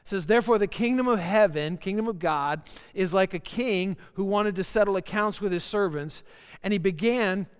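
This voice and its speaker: A man's voice: high voice, normal speed, clear, resonant tone. A man preaching a sermon as pastor, earnest and repeating phrases for emphasis. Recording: long church reverb.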